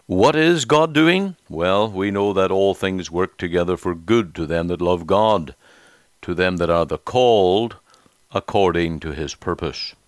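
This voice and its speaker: A male pastor preaching a radio sermon, dramatic with rising questions and slowed emphasis. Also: low voice, no echo.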